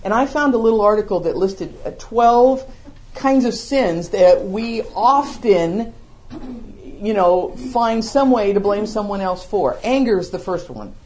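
A middle-aged woman teaching a Bible study to a small group, animated and acting out the voices of the scripture. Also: medium pitch, a little slow. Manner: animated, acts out the scripture voices, laughs along.

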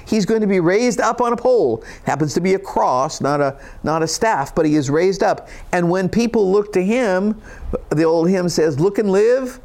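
The pastor's voice sits high with a darkish tone, moving at a moderate pace. He preaches conversationally, reading scripture, explaining it folksily, and dropping casual asides.

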